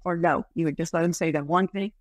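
A woman's voice: low-pitched, steady tone, fast, no echo. A woman hosting a podcast interview, chatting and asking follow-up questions. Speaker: podcast host.

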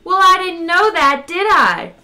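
A woman's voice: a little high, big pitch swings, normal speed, bright, forceful tone, voice pushed up. A woman reading aloud, voicing a flashy, breezy two-headed alien man who talks casually and dodges questions. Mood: flustered. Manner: casual, evasive drawl.

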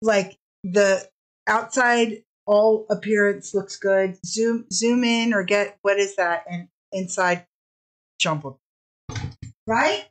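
A woman's voice: mid-range voice, steady tone, slow, low-quality recording. A woman hosting a live-streamed fabric sale, chatting casually, gushing over the fabrics and apologizing often.

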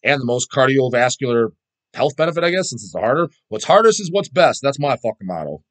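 A man's voice: medium pitch, very animated, quick pace. A middle-aged man chatting casually as a vlog host, rambling and swearing constantly as he answers viewer questions.

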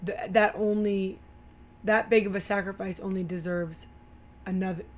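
A woman with a medium-pitched, darkish voice and fairly even intonation chats casually at normal speed about a movie she watched. She retells scenes and quotes the characters' lines.

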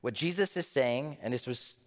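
Male pastor, mid-range voice, animated sermon delivery with rhetorical questions, long hall reverb. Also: medium pitch, normal speed. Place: church.

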